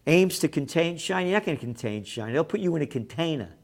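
A man of Italian heritage ranting over news headlines, sarcastic and profane, often shouting. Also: fairly high pitch, lively intonation, quick pace, creaky. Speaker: commentator.

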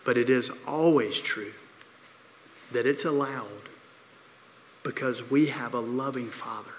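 A man preaching a sermon, telling a story with repeated phrases and dramatic pauses. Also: mid-range voice, fairly bright tone, a little hiss or hum. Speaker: pastor. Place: church sanctuary. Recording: long reverb of a church hall.

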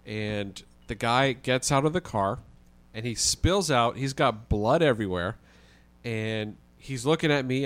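A man, a guest on a podcast, telling a story in a casual, animated way with the odd swear word. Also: mid-range voice, clean tone, no room sound. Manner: animated, vivid retelling with occasional swearing.

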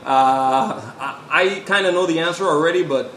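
A man's voice: on the high side, moderate pace, fairly bright tone. A man hosting a fitness podcast, introducing his guest and asking questions in an upbeat way with many "uh" fillers. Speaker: podcast host. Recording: echoey room with faint noise.

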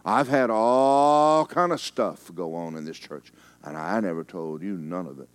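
A male pastor delivering a sermon, telling stories in a folksy, teasing way, with emphatic stretches and hushed asides. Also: low voice, a little slow. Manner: emphatic, storytelling preacher who drops into hushed asides.

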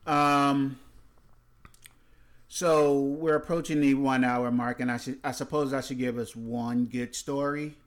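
A man's voice: mid-range voice, steady tone, a little slow. A man co-hosting a comedy podcast, reading strange news stories aloud with dry asides. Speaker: podcast co-host. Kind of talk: casual comedic podcast chat.

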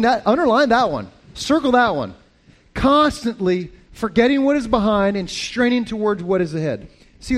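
A man preaching as a pastor, talking in a lively, conversational way with frequent restarts. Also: sits high. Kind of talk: sermon.

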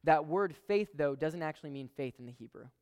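Young man, preacher, earnest storytelling sermon, clear resonant voice, long hall reverb. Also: on the high side, animated, brisk, darkish tone. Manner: storytelling, earnest, addresses crowd as guys.

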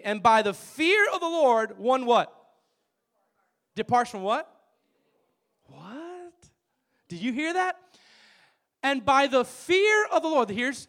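High-voiced man preaching. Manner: emphatic call-and-response preaching with lively storytelling. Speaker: pastor. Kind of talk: sermon. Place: church with a worship team.

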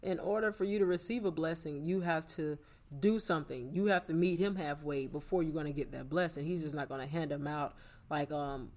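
A man's voice: on the high side, a little fast, a little mellow. A man talking in an earnest, reflective way during a casual conversation about struggle and success.

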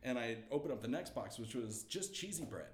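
A man's voice: medium pitch, a little fast. A young man tells a story with a voice that swings freely up and down, laughing and acting out what everyone said. The room around him is echoey. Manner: lively, laughing, acts out quotes. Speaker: comedian guest. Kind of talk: animated storytelling.

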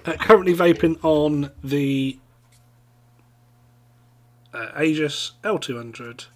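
A man's voice: a little high, takes it slowly, darkish tone. A man chatting on a podcast in a blunt, laid-back way, swearing casually as he talks about his week. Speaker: podcast co-host. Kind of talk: casual chat.

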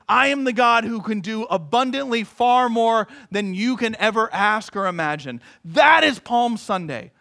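A man preaching a sermon as pastor, telling a story in an earnest manner with long measured pauses. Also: extremely high pitch, pushed and bright.

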